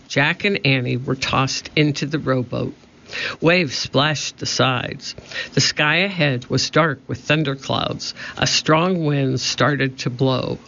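Male audiobook narrator, slow and gravelly, lo-fi recording. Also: medium pitch, bright, forceful tone. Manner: slow, measured reading. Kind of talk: scripted storybook narration. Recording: dull lo-fi recording.

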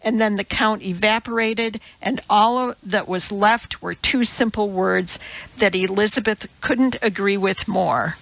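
A woman reading a novel aloud as an audiobook narrator, in measured, even storytelling. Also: mid-range voice, gravelly, muffled recording.

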